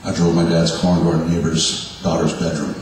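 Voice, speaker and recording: A man in his forties giving a halting, self-deprecating personal testimony to a church congregation. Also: deep voice, monotone, a little mellow. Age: 40s. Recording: echoey hall from far off, faint hum.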